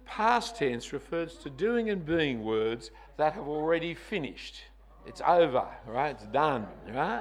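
A man's voice: a little high, very animated, takes it slowly. A male preacher giving a sermon, conversational with teasing asides, hitting single words hard for emphasis.

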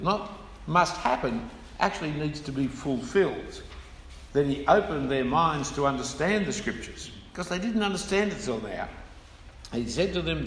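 A man preaches a sermon, explaining scripture and leaning hard on key words as he goes. His voice sits a little high for a man. It rings through a large hall with a long reverb tail and faint room ambience behind him. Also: moderate pace, a little hiss or hum. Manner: explanatory, with emphatic stresses and asides.

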